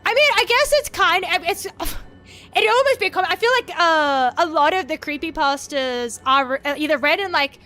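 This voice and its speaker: A woman's voice: extremely high pitch, lively intonation, pushed and bright, faint music behind. A woman with an Australian accent chatting casually on her stream, rambling and restarting her sentences and swearing now and then. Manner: rambling, halting, with frequent restarts. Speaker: VTuber streamer. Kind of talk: casual live-stream chat.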